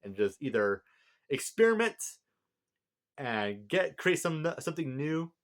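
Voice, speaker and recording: A man's voice: on the high side, big pitch swings, a little slow. A man giving a casual, rambling breakdown of a manga chapter, reading out lines and often laughing. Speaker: manga reviewer.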